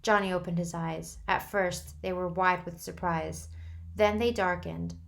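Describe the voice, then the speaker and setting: A woman, a teacher, reading a novel aloud for her class in a steady, unhurried storytelling way. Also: on the low side, creaky.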